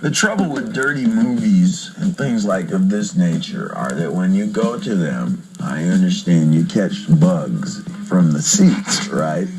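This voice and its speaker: A man's voice: sits low, a little slow, few pauses, low-quality recording. A man in a casual interview, telling stories with jokes and frequent laughter, from a vintage interview record. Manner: joking, animated storyteller who laughs often. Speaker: rock singer being interviewed.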